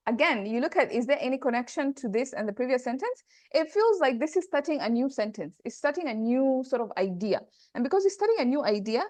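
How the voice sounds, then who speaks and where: A woman's voice: fairly high pitch, no echo. A woman teaching Arabic grammar in an online class, thinking aloud, correcting herself and checking in with her students.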